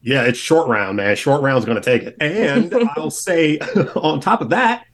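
Enthusiastic man with a higher voice. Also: animated, a little slow. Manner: enthusiastic, laughs often while talking. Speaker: podcast guest. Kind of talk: casual roundtable chat.

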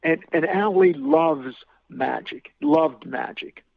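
A man's voice: fairly high pitch, sing-song, slow pace, vocal fry, slightly rough. A man telling a story as a podcast guest, rambling with many restarts and repeated words. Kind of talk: anecdotal storytelling. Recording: tinny phone-like line, dry.

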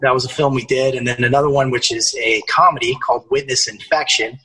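A man's voice: mid-range voice, steady tone, quick pace, sharp tone, breathy edge, poor audio. A young man guesting on a podcast, chatting casually and energetically, swearing and using lots of fillers. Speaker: actor guest.

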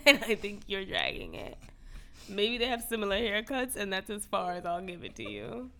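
A woman co-hosting a casual chat, teasing and animated, telling stories with acted-out quotes. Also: mid-range voice, moderate pace, vocal fry. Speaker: podcast co-host.

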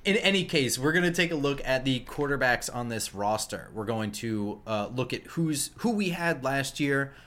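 A man's voice: medium pitch, animated, normal speed, few pauses, a bit bright. A man with a light New Jersey accent, co-hosting a sports podcast in casual, wry chat. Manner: wry, joking. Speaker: podcast co-host.

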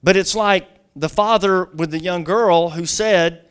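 A man's voice: high voice, a little slow, fairly bright tone, smooth. A middle-aged man preaching a sermon as a guest pastor, telling stories conversationally with lots of "you know" asides.

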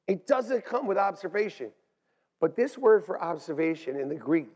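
A man preaching a sermon as pastor in a church, animated and swinging between hushed asides and shouts. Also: sits high. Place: church sanctuary. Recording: long hall reverb.

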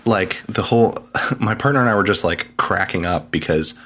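A man with a deep, low-pitched voice talks casually on a gaming podcast. He retells a game's plot in a loose, rambling way, laughing often and slipping into quick mock voices for the characters. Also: a bit bright, breathy edge. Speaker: podcast co-host. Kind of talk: casual chat.

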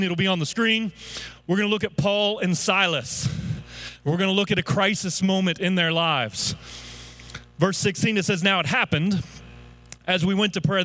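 High-voiced preacher man rousing a congregation. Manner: rousing call-and-response preaching, rising to shouts. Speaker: pastor. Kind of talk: sermon.

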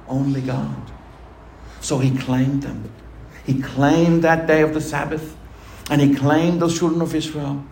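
A man's voice: medium pitch, gravelly, a little mellow. A man preaching a sermon, emphatic, asking the congregation rhetorical questions. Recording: echoey room with faint ambient noise.

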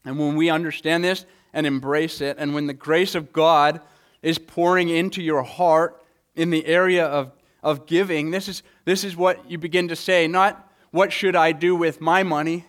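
A man's voice: a little high, steady tone, normal speed. A man preaching a Sunday morning sermon, earnest, often repeating words as he presses a point. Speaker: pastor.

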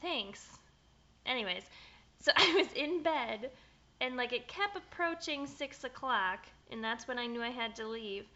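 A woman's voice: a little high, lively intonation, a little slow, pushed and bright. A young woman co-hosting a podcast, chatting casually and playfully. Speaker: podcast co-host. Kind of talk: casual chat. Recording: dull, lo-fi podcast audio.

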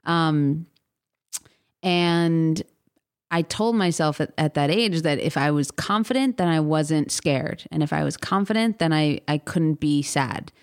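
A woman's voice: sits low, a little slow, clear, resonant tone. A woman in her thirties, a podcast guest chatting casually, talking in rambling runs full of fillers and restarts and acting out what others said. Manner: chatty, many fillers and restarts, acts out quotes. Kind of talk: casual interview chat.

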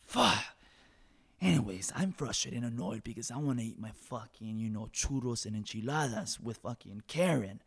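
Improv comedy: a man plays a profane, short-fused factory guy who rants and yells. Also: mid-range voice, fairly quick, few pauses, slightly rough. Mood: ranting. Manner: profane ranting, bursts into shouting. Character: foul-mouthed, hot-tempered male factory worker. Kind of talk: improvised comic storytelling in character.

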